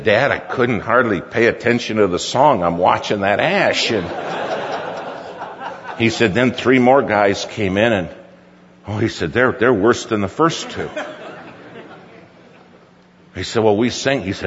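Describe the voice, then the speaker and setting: A man's voice: fairly low pitch, a little slow, pauses often, crowd noise. A middle-aged male pastor telling a folksy story in a sermon, quoting his son at length. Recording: dull recording with hall reverb.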